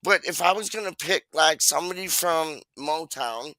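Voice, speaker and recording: A male livestream host talks in a loose, rambling way, repeating phrases and dropping slang at every turn. His voice sits a bit high for a man and comes through dry, with almost no room sound. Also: normal speed, bright, forceful tone, dry recording. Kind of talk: casual chat.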